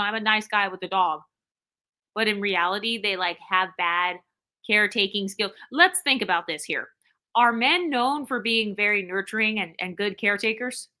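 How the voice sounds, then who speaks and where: A woman's voice: mid-range voice, pushed and bright. A woman hosting her channel, delivering a sarcastic, ranting opinion monologue straight to her viewers. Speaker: channel host.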